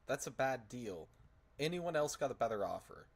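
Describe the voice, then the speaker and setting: A man voicing a captured female fae creature who shrieks in a high falsetto during a tabletop game. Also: very animated, normal speed, creaky, slightly rough, full character voice. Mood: wary bargaining. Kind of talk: tabletop role-play voice acting.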